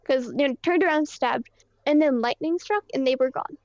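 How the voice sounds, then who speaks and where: A woman voicing a high-pitched young roleplay character who rambles through her story, halting and swearing. Her voice sits dry and close, with a slightly dull, lo-fi tone. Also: dry recording. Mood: agitated. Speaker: roleplay character recounting events. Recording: dull lo-fi mic.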